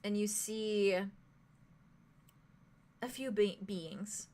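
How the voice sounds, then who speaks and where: A young woman narrating as game master in a tabletop game, halting, with many fillers and giggles. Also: mid-range voice, darkish tone.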